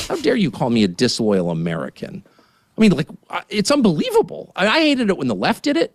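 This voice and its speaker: A man in his fifties giving a heated, indignant political rant as a studio guest, swinging between muttered asides and near-shouts. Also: fairly high pitch, wildly swooping pitch, a little fast, no room sound. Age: 50s. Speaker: guest commentator.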